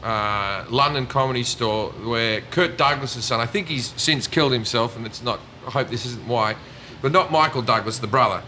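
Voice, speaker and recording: A man's voice: medium pitch, moderate pace, few pauses, bright, forceful tone, a little hiss or hum. A man with an Australian accent, a comedian chatting casually and telling stories, swearing and mimicking people. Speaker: comedian guest. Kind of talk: casual chat.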